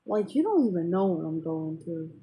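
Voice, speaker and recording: A woman talks straight to her viewers in a loose, rambling vent, circling back on her words and filling gaps with fillers. Her voice sits a little low for a woman and has a mellow, dark tone. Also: very animated, moderate pace, slight background noise, low-quality recording. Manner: rambling, with many fillers and restarts. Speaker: vlogger. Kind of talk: casual personal venting to camera.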